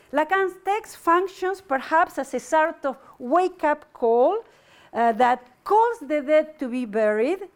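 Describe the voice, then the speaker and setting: High-voiced woman lecturing with restarts. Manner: hesitant, many restarts and fillers. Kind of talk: academic lecture.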